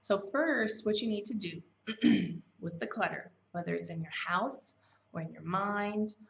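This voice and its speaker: This woman has a mid-range voice with vocal fry and an unhurried delivery. Hosting a self-help challenge, she gives casual motivational teaching, chatting conversationally with fillers and corrections of herself, and the sound is slightly dull and lo-fi.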